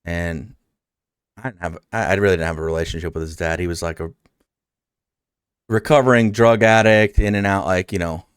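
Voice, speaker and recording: A man's voice: low voice, steady tone, moderate pace, long pauses, clear, resonant tone, dry recording, studio quality. A man hosting a casual interview, rambling through a heartfelt story with many fillers. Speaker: podcast host.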